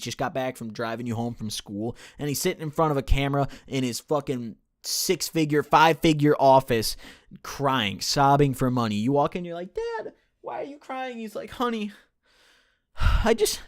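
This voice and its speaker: A man's voice: medium pitch, no echo, studio quality. A young man in his late teens ranting scornfully with lots of profanity on a commentary video. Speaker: YouTube commentator.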